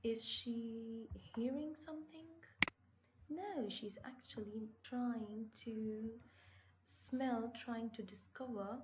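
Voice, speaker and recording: A woman's voice: on the high side, slow pace, noisy background. A woman teaching English vocabulary, asking questions and answering them herself, stressing key words. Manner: patient, asks and answers her own questions. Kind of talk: slow classroom explanation with questions.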